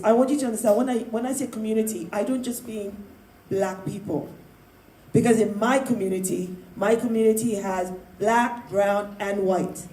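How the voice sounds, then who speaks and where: Loud, emphatic woman with a high voice in a roomy space, laughing between points as a panel guest. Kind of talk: opinionated panel discussion. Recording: roomy, echoey sound.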